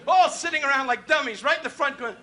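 A man from New doing live stand-up insult comedy, firing brash rapid jabs at audience members. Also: very high voice. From New York. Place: live club stage before an audience. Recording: noisy archival live recording, loud crowd laughter.

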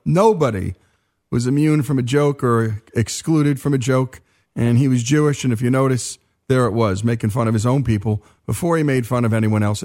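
A man hosting a radio program, narrating a scripted biography segment in a measured, explanatory way. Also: medium pitch, darkish tone. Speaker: radio host.

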